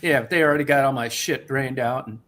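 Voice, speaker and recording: A man's voice: medium pitch, fast talker, a bit bright. Profane ranting man. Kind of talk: casual chat.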